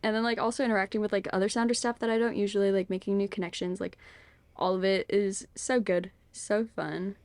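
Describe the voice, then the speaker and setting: A young woman co-hosting a podcast, rambling cheerfully through her stories with constant fillers and frequent laughter. Her voice sits at a middle pitch. It is recorded close and dry, with no room sound. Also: little pitch movement, fast, a little mellow, no echo. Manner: chatty storyteller, laughs often, heavy "like" filler. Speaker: podcast co-host. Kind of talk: casual chat.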